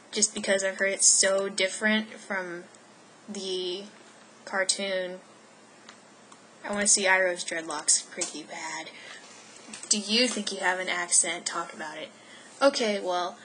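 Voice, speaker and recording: A teenage girl from Texas chats casually in a home vlog, her voice bright and clear. She rambles, restarts and fills gaps with ums. A faint noise floor sits under the recording. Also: mid-range voice, poor audio. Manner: rambling, self-interrupting, with many fillers. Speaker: vlogger.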